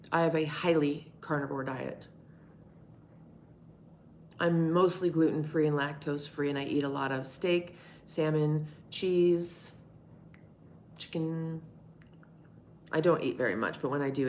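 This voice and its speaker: A woman's voice: low voice, fairly even intonation, unhurried, long pauses, a little mellow, a little hiss or hum. A middle-aged woman hosting a live stream, answering chat in a candid, rambling way and swearing freely. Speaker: livestream host answering chat.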